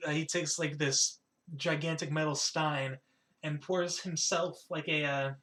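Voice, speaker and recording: A man's voice: a little high, steady tone, a little slow, bright, forceful tone, roomy sound. A young man narrating a tabletop game as game master, rambling with many fillers.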